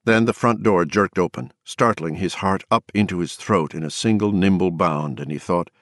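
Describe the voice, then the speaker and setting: A man narrating a novel in a very low, deep voice. His reading is measured and steady, with dramatic weight placed on the scene. The recording is close and dry, with no room sound. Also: dry recording. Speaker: audiobook narrator. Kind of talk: scripted narration.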